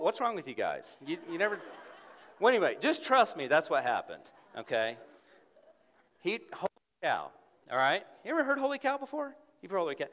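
A male pastor delivers a sermon in a church sanctuary, and the room's long reverb trails after his words. His voice sits a little high and ranges widely in pitch. He moves between playful, animated storytelling and a quiet, earnest tone. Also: fairly quick.

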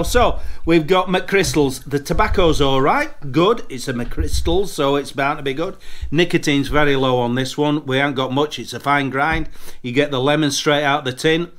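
A boisterous man with a slightly high voice, a bit tipsy and swearing freely. He chats loosely and jokes through a casual product review. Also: normal speed, a bit bright. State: tipsy from drinking. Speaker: snuff reviewer, channel host.

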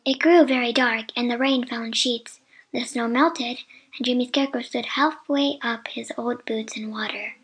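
Woman narrator, high voice, measured, scripted storybook reading. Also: steady tone, a bit bright.

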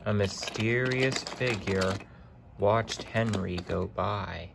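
A man narrating a children's train story in a deliberate storytelling manner. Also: lowish voice, gravelly, background noise.

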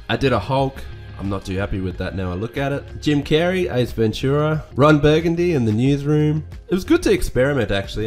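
A man giving casual voice-over commentary on his old artwork, relaxed, self-critical and enthusiastic. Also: medium pitch. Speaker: artist reviewing his old work.

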